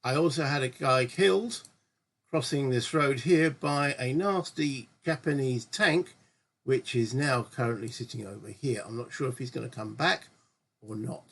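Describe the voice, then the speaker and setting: A man's voice: mid-range voice, moderate pace, vocal fry, fairly bright tone, breathy edge. A man hosting his own gaming channel, chatting through a solo board game session in a rambling way and often correcting himself. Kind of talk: casual solo board game let's-play commentary.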